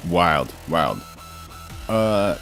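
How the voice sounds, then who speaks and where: A man's voice: sits low, sing-song, very slow, creaky, music in the background. A man hosting a live reaction stream, talking loosely and thinking aloud with fillers and restarts. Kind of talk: casual live reaction commentary.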